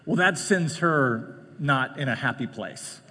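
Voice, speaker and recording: A man preaching a sermon in a conversational way, jumping from loud, emphatic lines to hushed ones and slipping in joking asides. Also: mid-range voice, animated, takes it slowly. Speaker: pastor. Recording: long reverb of a large hall.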